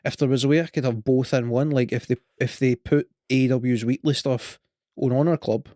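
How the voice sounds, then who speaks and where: A man's voice: medium pitch, steady tone, brisk, warm tone, no echo. Rambling Scottish man, dry close sound. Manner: rambling, hesitant, lots of fillers. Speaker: podcast co-host. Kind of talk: casual chat.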